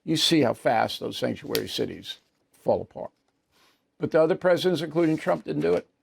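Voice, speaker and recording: Gravelly older American man, blunt commentary. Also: a little high, lively intonation, fairly quick. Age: 70s. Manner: blunt, emphatic and dismissive. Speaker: host of a news commentary show. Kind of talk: opinion commentary answering viewer mail.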